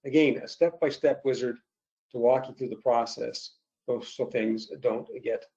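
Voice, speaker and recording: Male presenter, steady explanatory webinar demo; warm, muffled audio. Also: medium pitch, normal speed. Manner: explanatory, steady walkthrough with fillers.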